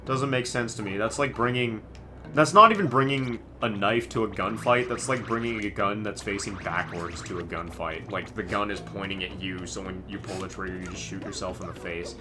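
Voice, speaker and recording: A man's voice: lowish voice, normal speed, background noise. A young man giving jokey, rambling live commentary as he plays a video game. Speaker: gaming streamer. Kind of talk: live let's play commentary.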